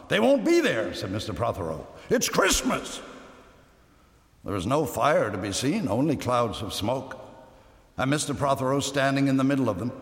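A man reading a story aloud with lively, dramatic storytelling. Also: mid-range voice. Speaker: reader. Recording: echoey room with long reverb.

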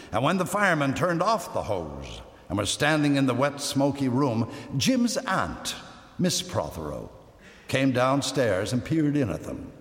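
A man reading a story aloud with lively, dramatic storytelling. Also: mid-range voice. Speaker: reader. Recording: echoey room with long reverb.

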